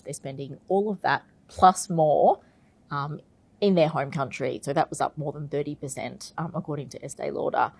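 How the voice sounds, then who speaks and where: Low, mellow-voiced woman explaining investments. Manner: explanatory, frequent "you know" fillers and restarts. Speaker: investment research head and portfolio manager. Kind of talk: conversational expert interview.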